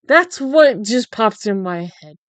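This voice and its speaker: A woman's voice: on the high side, lively intonation, takes it slowly, no echo. A young woman livestreamer chatting casually, incredulous and swearing freely. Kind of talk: casual chat while drawing.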